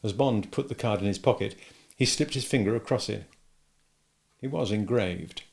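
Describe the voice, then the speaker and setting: A man narrating an audiobook in a steady, measured reading voice. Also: lowish voice, vocal fry.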